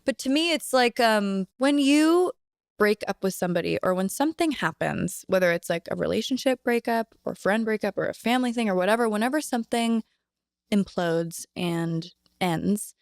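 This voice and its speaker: Smooth-voiced chatty young woman. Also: mid-range voice, normal speed, dry recording, studio quality. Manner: chatty, animated, lots of "like" fillers, swears casually. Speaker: podcast guest, singer and actress. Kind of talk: casual chat. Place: indoor podcast set.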